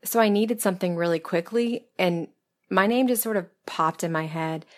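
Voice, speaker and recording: An audio script writer and performer from the American South answers listener questions in a casual, interview-style Q&A monologue. Her voice is lowish and a little hoarse because she's losing it, and she speaks at a moderate pace. She's chatty and candid, laughing softly and poking fun at herself.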